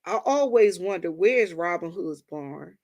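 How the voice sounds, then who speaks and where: A woman's voice: on the low side, expressive, measured pace, a little mellow. A woman from Washington, D.C. hosting a livestream, chatting casually with viewers and telling stories, calling them y'all. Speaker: livestream host.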